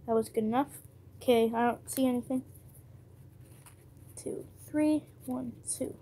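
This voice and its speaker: A woman chatting casually to herself and her viewers while opening trading card packs, muttering card names and breaking into excited cheers. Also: a little high, moderate pace.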